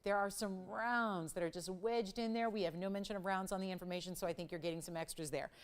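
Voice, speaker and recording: A woman hosting a live shopping channel jewelry show, giving an enthusiastic, chatty sales pitch. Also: steady tone, fast, clear, resonant tone.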